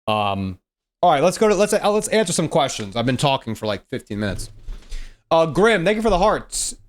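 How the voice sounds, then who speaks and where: A man's voice: on the high side, sing-song, normal speed. A young man hosting a live trading stream, explaining setups and reading chat in a laid-back, slangy way. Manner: laid-back, slangy, says bro and dude. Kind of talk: casual live-stream teaching.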